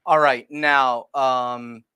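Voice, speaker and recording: A man hosting a live shopping stream, chatting casually and softly to viewers while demoing gear on a lapel mic. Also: mid-range voice, very slow, smooth, no echo. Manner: chatty, rambling, talks straight to viewers; speaking softly and relaxed instead of his usual loud delivery. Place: indoor room, moving around on camera. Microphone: wireless lapel mic.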